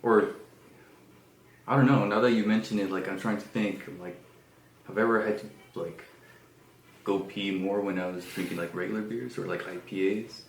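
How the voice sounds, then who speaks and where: A man in his thirties co-hosting a casual podcast, relaxed and agreeable with lots of fillers. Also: fairly low pitch, moderate pace, pauses often. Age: 30s. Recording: roomy echo with faint background noise.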